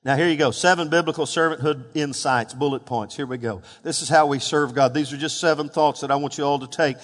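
A man preaching a sermon, calling on the congregation to respond and rising to loud, emphatic peaks. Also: on the high side, fairly even intonation, fairly quick. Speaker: pastor. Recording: hall reverb.

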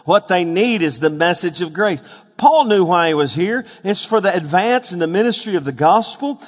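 A man preaching a sermon, fervent, building to shouted peaks and asking the congregation questions. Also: high voice, lively intonation, normal speed. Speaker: pastor. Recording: long hall reverb.

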